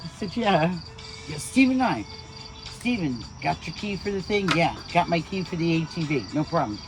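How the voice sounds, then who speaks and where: A woman in her sixties telling stories outdoors at night, her pitch rising and falling in a lively way as she acts out the voices she quotes. The recording is noisy, with crickets chirping steadily in the background. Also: normal speed. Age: 60s. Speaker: mother telling family stories. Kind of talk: casual chat.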